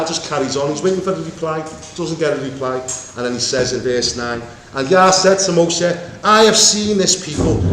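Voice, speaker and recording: Animated preacher in an echoey room. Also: male voice, fairly high pitch, a little hiss or hum. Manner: animated, acts out voices of God and Moses. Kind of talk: bible teaching sermon. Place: meeting room with congregation. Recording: echoey room with faint ambience.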